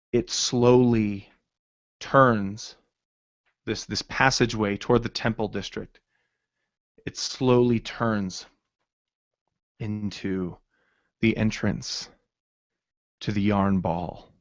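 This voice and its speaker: A man narrating a tabletop game as game master, in a halting way with many fillers. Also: fairly low pitch, no room sound, dull audio.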